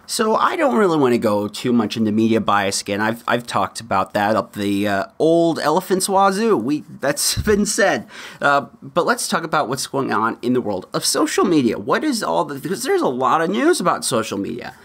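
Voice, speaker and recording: A man's voice: medium pitch, wildly swooping pitch, moderate pace, a bit bright. A man hosting a solo podcast, chatting through news items with frequent laughs and offhand asides. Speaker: podcast host.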